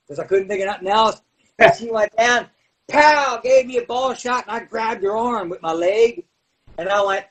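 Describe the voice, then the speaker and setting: A man, a former pro wrestler, telling stories on a podcast in an animated way, laughing and acting out scenes. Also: high-pitched, a little fast. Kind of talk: podcast storytelling. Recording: voice a bit far from the mic.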